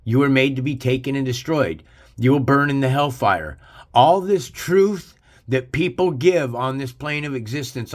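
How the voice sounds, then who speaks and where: A man holds forth on his channel in a hard, preachy rant. He lectures the listener directly and swears freely. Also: mid-range voice. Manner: aggressive, profane, preachy. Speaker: channel host. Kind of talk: ranting religious commentary.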